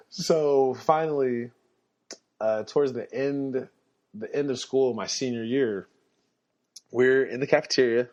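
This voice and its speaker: A man hosting a podcast, telling personal stories in a casual, animated way and chuckling as he goes. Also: measured pace, pauses often. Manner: animated, chuckling, jumps up in pitch when quoting people. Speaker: podcast host. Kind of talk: casual storytelling monologue. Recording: slightly muffled lo-fi podcast audio.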